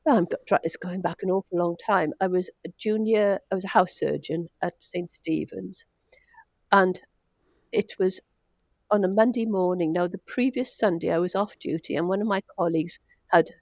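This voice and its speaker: A woman's voice: fairly low pitch, moderate pace, darkish tone, no room sound, clean studio sound. An older woman from Wales, a doctor telling stories in an interview, chatty and self-deprecating. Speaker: doctor, guest. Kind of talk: casual storytelling interview.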